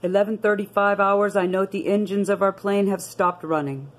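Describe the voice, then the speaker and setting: A woman's voice: mid-range voice, steady tone, moderate pace, low-quality recording. A woman reading a diary aloud and adding earnest commentary, addressing her listeners as brothers and sisters. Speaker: video narrator.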